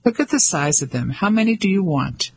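A man's voice: high voice, big pitch swings, brisk, husky, pitched above the performer's own voice, full character voice. A man voicing a bold, flirtatious French fisherman in an audiobook. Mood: teasing. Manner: teasing, boisterous.

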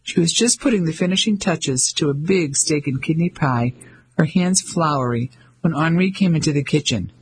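A man giving measured scripted narration of an audiobook. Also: fairly high pitch, breathy edge, low-quality recording. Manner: measured storytelling.

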